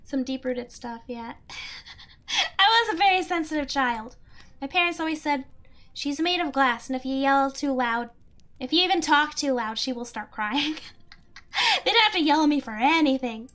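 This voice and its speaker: A woman's voice: high-pitched, moderate pace, fairly bright tone. A young woman streamer chatting casually and reading chat, rambling with lots of "like" and frequent giggles.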